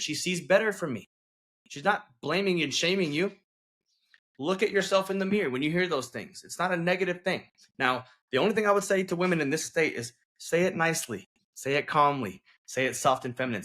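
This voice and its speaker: A man's voice: fairly high pitch, bright, forceful tone. A man, a relationship coach, talking earnestly as an interview guest and driving his points home with repeated "okay?" and "right?". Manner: emphatic, coaching, keeps checking in with "okay?" and "right?".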